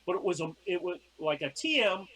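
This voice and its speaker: A man with a fairly high voice tells casual stories as a podcast guest. He is animated and slips into acting out his own past lines as he goes. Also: brisk, low-quality recording. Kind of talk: casual storytelling.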